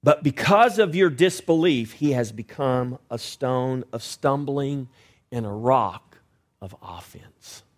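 A man's voice: medium pitch, lively intonation. A male preacher delivering a direct, exhorting sermon to his church. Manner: direct, exhorting, rises louder and quicker when pressing a point.

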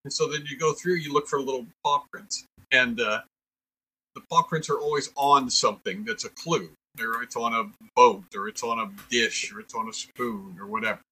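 An older man, a comedian, chatting casually with lively, jokey storytelling. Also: mid-range voice, moderate pace, slightly rough, poor audio. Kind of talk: casual chat.

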